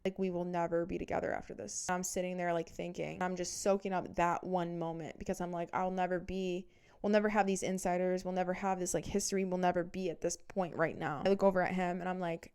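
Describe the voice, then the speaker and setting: Gravelly-voiced woman telling a profane story. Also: lowish voice, quick pace. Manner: profane, animated storytelling, acting out both sides of arguments. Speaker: podcast host. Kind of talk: casual storytime monologue.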